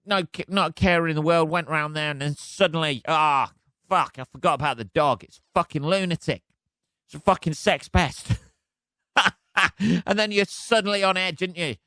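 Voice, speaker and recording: A man's voice: on the high side, sharp tone, smooth, no room sound, clean studio sound. Sweary man ranting on a podcast. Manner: sweary, exasperated, laughs at himself. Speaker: podcast host. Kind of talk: casual solo rant.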